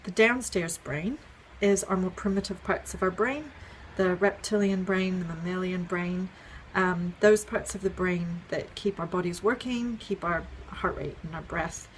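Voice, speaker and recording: Woman calmly explaining, faint hiss. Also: on the low side, a little slow, few pauses. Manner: friendly, explains step by step with many ums and "right?". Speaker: parenting educator. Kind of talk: casual explainer video.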